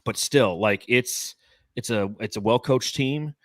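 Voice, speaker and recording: A man's voice: medium pitch, unhurried, a bit bright, no room sound, clean studio sound. A man in his forties from Phoenix, co-hosting a casual sports podcast and telling rambling, profane stories full of fillers. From Phoenix, Arizona, US. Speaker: podcast co-host.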